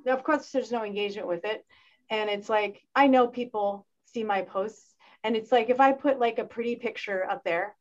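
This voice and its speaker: A woman speaking in a casual panel discussion, her voice sitting on the higher side. She talks in an animated way, slipping into the voices of the people she quotes. The sound is dull and muffled, like lo-fi call audio. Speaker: panel guest.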